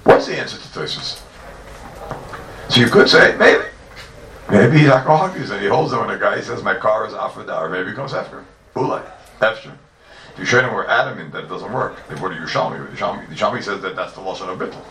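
A man teaching a Talmud class, animated and full of rhetorical questions, heard from a distance in an echoey room. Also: on the low side, quick pace, slight background noise. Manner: animated, rhetorical questions, Yeshivish mix of Hebrew and Yiddish terms. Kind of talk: Talmudic lecture. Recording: echoey room, distant mic, faint ambience.

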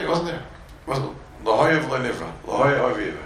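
Gravelly rabbi lecturing in an echoey room. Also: male voice, medium pitch, very animated, moderate pace, fairly bright tone, far from the mic, slight background noise. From Borough Park, New York. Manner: repeats words, mixes Yiddish and Hebrew terms, acts out quotes. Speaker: rabbi teaching a yeshiva class. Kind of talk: Torah lecture to students.

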